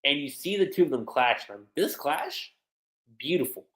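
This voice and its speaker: A man breaks down a manga chapter in a loose, slangy livestream review. His pitch swings widely as he acts out the scenes. The recording has a roomy echo. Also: moderate pace. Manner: animated, slangy, retells scenes in quoted voices.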